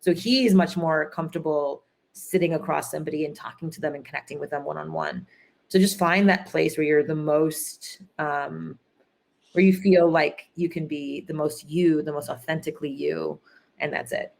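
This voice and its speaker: Entrepreneur guest, a woman with a deep voice, chatty and animated, acts out what people said. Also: normal speed, gravelly. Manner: animated storyteller, acts out quotes, many fillers. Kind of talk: conference interview, storytelling.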